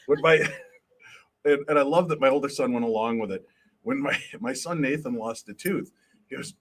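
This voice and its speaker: A man's voice: medium pitch, a little fast, creaky. A man hosting a live comedy podcast, telling funny stories about his kids, acting out their lines and laughing as he goes. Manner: animated, acts out the voices of his kids, laughs at his own stories. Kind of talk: comedic storytelling to a live audience. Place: live show at an event.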